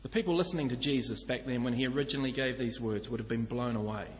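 A man's voice: mid-range voice, quick pace, hardly any pauses, a little hiss or hum. A man preaching a sermon, earnestly teaching and speaking directly to his listeners. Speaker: pastor. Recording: echoey hall, slightly dull sound.

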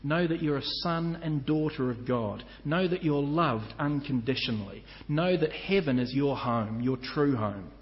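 A man preaching a sermon as pastor, earnest and measured, slowing down to stress each point of a list. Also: medium pitch, expressive. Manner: earnest, measured preaching with slow emphatic lists. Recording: muffled church hall with long reverb.

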